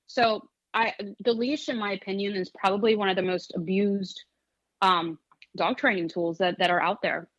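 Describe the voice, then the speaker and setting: A woman's voice: medium pitch, fairly even intonation, normal speed, fairly bright tone, no room sound. Woman, dog trainer guest, interview talk, emphatic, restarts phrases, dull lo-fi sound. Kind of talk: conversational interview. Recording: dull lo-fi audio.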